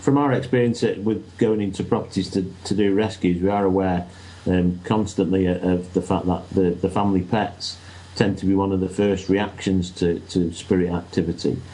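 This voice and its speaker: A man with a very deep, dark voice answers as a talk show guest. He speaks in a flat, even tone, halting and repeating words as he goes. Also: poor audio. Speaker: guest, spirit rescuer.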